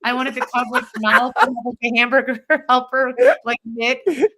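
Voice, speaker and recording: Woman, podcast host, higher register, giggly, playful riffing. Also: steady tone, a little fast, sharp tone. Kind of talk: casual chat.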